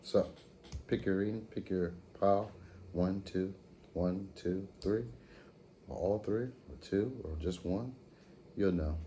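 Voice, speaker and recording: Man, very low voice, dark tone, slangy and laid-back, casual tarot reading, faint background hiss. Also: takes it slowly, pauses often. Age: adult with a school-age daughter. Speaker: tarot reader, channel host.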